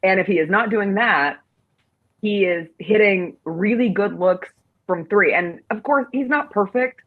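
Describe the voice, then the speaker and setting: A woman's voice: mid-range voice, unhurried, phone-quality sound. A woman hosting a sports talk show, chatting casually with playful, dramatic outrage.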